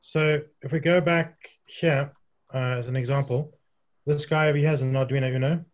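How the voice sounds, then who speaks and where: A man from the UK answering questions after his talk on a video call, chatty and relaxed with many restarts. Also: fairly high pitch, normal speed, dull audio. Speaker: guest presenter.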